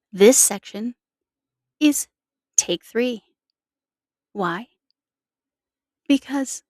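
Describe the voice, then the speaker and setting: A woman talks to her camera at home in a rambling, chatty way, often stopping to correct herself. Her voice sits at an ordinary middle pitch. The recording is close and dry, with almost no room sound. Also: darkish tone, no echo. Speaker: crochet vlogger. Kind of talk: casual chat to camera.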